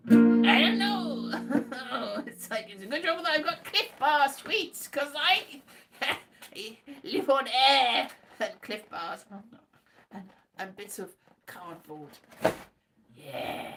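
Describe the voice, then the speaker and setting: A woman's voice: high voice, expressive, slow pace, sharp tone, soft background music. A woman vlogging in a rambling casual monologue, playful and silly, slipping into sing-song asides.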